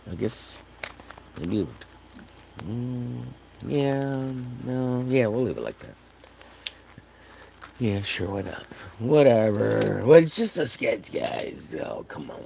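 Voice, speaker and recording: This man's voice sits fairly low, gravelly and dark, moving a little slowly but with big swings in pitch. He mumbles and cracks daft jokes for his stream audience while painting, with occasional sing-song bursts, in a home studio with a video on in the background and a faint hiss or hum.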